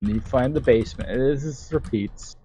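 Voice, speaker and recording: A man's voice: mid-range voice, a little fast, warm tone, a little hiss or hum. A man hosting a livestream, chatting casually and reading out a text adventure story. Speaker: livestream host.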